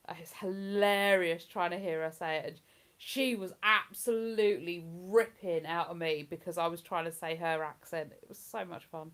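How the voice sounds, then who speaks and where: A woman's voice: on the low side, fairly even intonation, normal speed, a bit bright, clean tone. A woman with a London-area English accent hosting a casual live stream, chatting, rambling and reading out viewer comments. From England. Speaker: livestream host.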